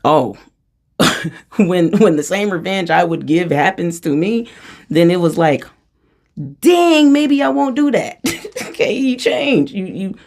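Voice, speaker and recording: Gravelly voiced channeler rambling away, animated, laughs a lot, kinda out of breath. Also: medium pitch. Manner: animated and chatty, frequent laughs. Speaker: spiritual channeler. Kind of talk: freestyle channeling monologue.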